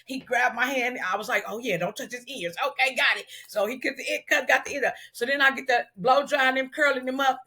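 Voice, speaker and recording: A middle-aged woman from Los Angeles, a hairstylist telling an animated, slangy story in an interview and acting out the dialogue. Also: on the high side. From South Central Los Angeles, US. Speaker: celebrity hairstylist, guest.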